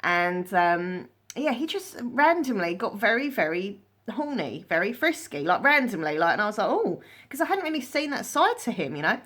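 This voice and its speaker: A woman's voice: medium pitch, very animated, moderate pace, fairly bright tone. A woman in her late thirties telling a candid storytime to her viewers, chatty and rambling with lots of fillers. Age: 30s. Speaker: vlogger. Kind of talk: casual storytime chat.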